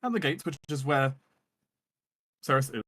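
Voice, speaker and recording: A man narrating a tabletop role-playing game as game master, describing scenes in a relaxed way. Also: medium pitch, a little slow.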